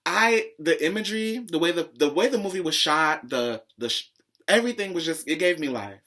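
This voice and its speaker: A man hosting a pop-culture commentary vlog, talking in a sassy, profane, opinionated way and jumping higher in pitch when excited. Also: brisk. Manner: profane, sassy, calls viewers "child"; opinionated ranting, swings high when excited. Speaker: vlog host.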